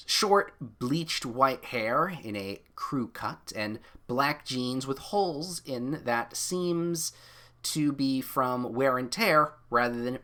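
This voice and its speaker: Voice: medium pitch, fairly bright tone. A streamer reading an interactive novel aloud in a casual, self-mocking way, with offhand swearing and chatty asides.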